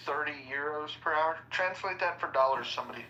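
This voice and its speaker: A man's voice: on the high side, brisk, pushed and bright, slight background noise. A man hosting a casual group chat, speaking wryly. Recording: echoey room.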